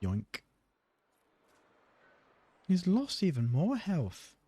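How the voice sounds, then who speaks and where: A man's voice: high voice, huge pitch swings, very slow, dark tone, slightly rough, no echo. Casting: man, dry, offhand game commentary, close and dry-sounding mic. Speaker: gameplay commentator. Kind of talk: casual let's-play commentary.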